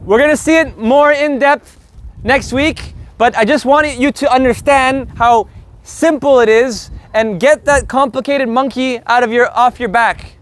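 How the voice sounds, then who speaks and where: A man teaching a live group Spanish lesson in an energetic, joking, profane way. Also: very high-pitched.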